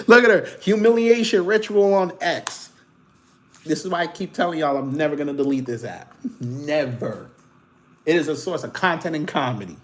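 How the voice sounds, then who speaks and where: A man's voice: fairly high pitch, moderate pace. A man from the Caribbean hosting casual commentary, reading posts aloud with sarcastic, mocking remarks and muttered asides. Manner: animated, sarcastic, mocking, swings between loud and muttered asides. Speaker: political commentary host.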